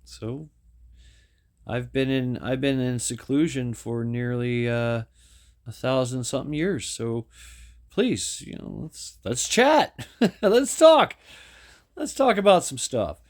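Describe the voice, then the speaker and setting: A man's voice: mid-range voice, animated, slow pace, pauses often. A man voicing a giant purple four-armed god who is friendly and talks in a raised, chatty voice. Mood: eager.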